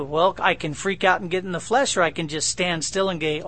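A man's voice: fairly high pitch, a little fast, few pauses, pushed and bright. A middle-aged man preaching a sermon in a conversational, joking way, acting out his own dialogue with God. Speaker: pastor.

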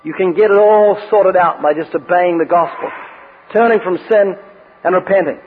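A high-pitched man delivers a sermon, mixing scripture readings with light, joking stories. His voice is husky and comes through a thin, phone-like radio broadcast that trails off in a long reverb. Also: moderate pace. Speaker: preacher.

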